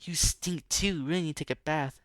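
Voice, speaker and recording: A man reading the lines of a worried, protective middle-aged mother aloud, halting and stumbling over the words. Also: a little high, no echo, studio quality, close to an everyday voice.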